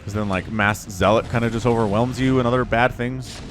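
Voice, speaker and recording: A young man giving chatty, excitable solo play-by-play commentary on a strategy video game, laughing now and then as he talks. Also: medium pitch, a little fast, background noise. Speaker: esports caster.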